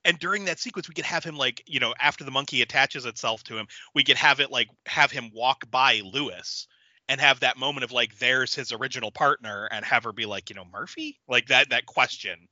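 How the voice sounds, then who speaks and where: A man in his forties co-hosting a casual film podcast, animated and quick to laugh, swearing casually. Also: medium pitch, dry recording, lo-fi sound. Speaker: podcast co-host.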